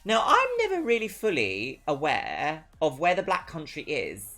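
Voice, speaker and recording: A streamer from Brighton with a southern English accent, chatting casually and reading out viewer messages, swinging between perky greetings and dry asides. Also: medium pitch, wildly swooping pitch, normal speed, hardly any pauses, soft background music. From Brighton, England. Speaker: livestreamer.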